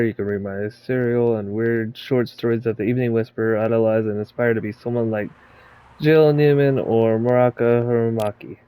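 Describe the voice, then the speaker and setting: A man's voice: mid-range voice, dark tone, clear, resonant tone, low-quality recording. A man playing through a story game and reading every character's lines aloud, mostly in his own voice. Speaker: game player voicing the characters. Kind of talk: playthrough voice acting.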